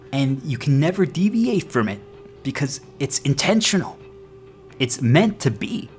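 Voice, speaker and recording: Man, motivational talk, earnest, checks the audience follows, faint background music. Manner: acts out quoted voices with sudden pitch jumps. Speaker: motivational speaker.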